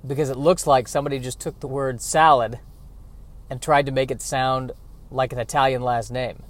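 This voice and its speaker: Animated, riffing comedic man. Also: medium pitch, moderate pace. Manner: animated, self-interrupting, playful. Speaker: podcast host.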